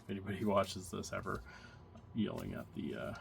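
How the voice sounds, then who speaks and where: A man's voice: low voice, fairly even intonation, a little fast, gravelly. A man casually narrating as he opens card packs, thinking aloud with many fillers and restarts. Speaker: card collector opening packs. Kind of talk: casual unboxing commentary. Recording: audible background noise, card crinkling.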